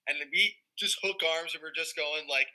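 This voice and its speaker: Young male panelist, very bright, slightly high voice, animated storyteller with lots of fillers. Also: normal speed, poor audio. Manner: animated storytelling, heavy "like" fillers, swears freely. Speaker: podcast panelist, former player. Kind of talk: casual chat.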